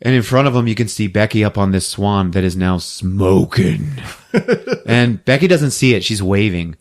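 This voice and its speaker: A man's voice: on the low side, normal speed. A man hosting a podcast, recapping a film in casual chat, laughing often and acting out the characters. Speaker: podcast host.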